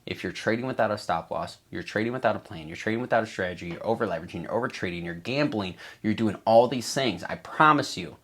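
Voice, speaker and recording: A man's voice: fairly low pitch, expressive, fast talker, few pauses, fairly bright tone, slightly rough. A man giving a casual coaching talk to traders, emphatic and repetitive, swearing freely and acting out a trader's inner voice. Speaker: trading coach.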